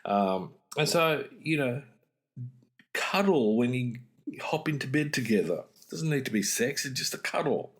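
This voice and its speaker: A man's voice: medium pitch, lively intonation, unhurried. A man, hosting a podcast and giving casual, direct relationship advice, acting out small exchanges as he goes. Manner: direct, conversational, acts out little dialogues. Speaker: relationship coach and podcast host.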